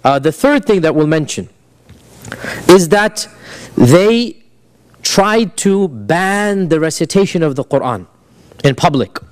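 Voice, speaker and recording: Guy teaching a class, kinda high voice, chatty, asks the room questions, drops arabic phrases in. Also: lively intonation, takes it slowly, long pauses. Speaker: Islamic history teacher. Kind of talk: classroom lecture.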